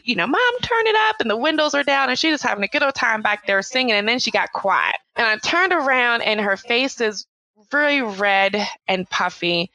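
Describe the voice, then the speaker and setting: A woman's voice: fairly high pitch, sharp tone, no echo, rough recording. A woman in her thirties, a mother of three, chatting in an interview and acting out the voices of her family as she tells stories. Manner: chatty storyteller, acts out quoted voices with laughs. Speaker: podcast guest, mother of three. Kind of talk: casual interview chat.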